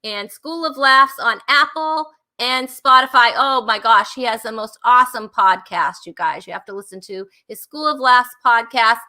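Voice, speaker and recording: This woman's voice sits high and bright as she hosts a comedy chat show. She talks casually, giggles a lot, and keeps things light and bubbly. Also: moderate pace, few pauses. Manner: giggly and bubbly, laughs often. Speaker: host.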